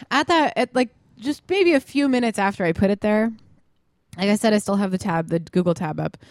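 A woman co-hosting a podcast, telling stories in casual chat with animated delivery, frequent swearing and laughter. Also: medium pitch, moderate pace, no room sound, clean studio sound. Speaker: podcast co-host.

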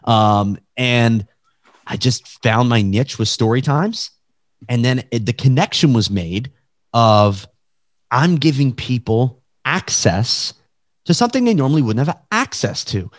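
An energetic man talks as a podcast guest over a video call. He speaks emphatically and acts out examples with his own voice. The sound is dry and close, with no room echo. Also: medium pitch, a little slow. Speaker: realtor and guest. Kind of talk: casual podcast interview.

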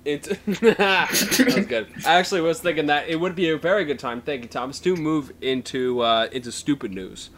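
A man's voice: on the high side, normal speed, few pauses, a bit bright. Laughing young man in casual chat. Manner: laughs often, rambling. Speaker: podcast co-host.

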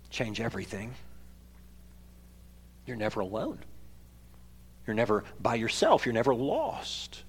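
A man preaching a sermon as pastor, swinging from loud, emphatic passages to quiet ones and raising his voice for scripture readings. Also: medium pitch, slight background noise. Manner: reads scripture aloud in a raised voice.

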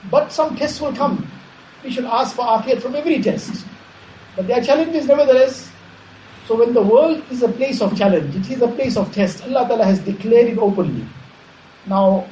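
Guy preaching slow and steady, mellow tone, roomy echo, bit of background hum. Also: very high voice. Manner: measured, repetitive preaching with Arabic terms. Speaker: Islamic preacher. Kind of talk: sermon. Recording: echoey room, faint ambience.

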